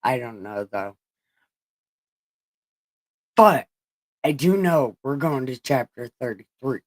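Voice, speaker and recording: Slow-talking crude streamer woman. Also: rumbling low, expressive. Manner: crude, swearing, laughing asides, chatting to viewers. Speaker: livestream host. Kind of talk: casual livestream Bible reading.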